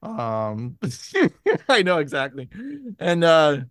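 Animated man telling stories. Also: fairly high pitch, takes it slowly, clear, resonant tone, no room sound, studio quality. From San Francisco. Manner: animated storyteller, acts out quotes in raised voices. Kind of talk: casual chat.

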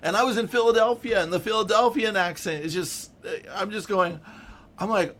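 Chatty Californian man, slightly high voice. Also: unhurried, slight background noise. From San Francisco. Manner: animated, rambling, laughs often. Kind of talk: casual chat.

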